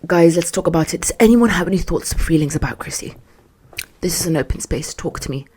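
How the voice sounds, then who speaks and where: A woman voicing a bossy male camp leader, dismissive and lecturing, in a quiet, low-key tone. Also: lively intonation, quick pace, husky. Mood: coaxing.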